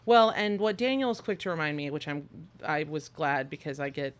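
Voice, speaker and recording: A woman's voice: low-pitched, animated, normal speed. Podcast co-host, woman, chatty and loose, laughs and swears a lot. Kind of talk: casual chat.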